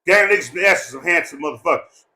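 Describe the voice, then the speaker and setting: A man's voice: on the high side, expressive, fast talker. Rowdy, profane man giving a eulogy. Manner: profane, loud and jokey, breaks into laughter. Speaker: speaker at a memorial gathering. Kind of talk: rambling, joking eulogy speech.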